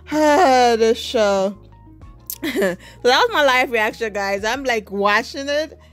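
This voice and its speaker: A woman giving a live reaction to a TV show, animated and slangy, laughing often. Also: fairly high pitch, takes it slowly, soft background music. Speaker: TV show reviewer.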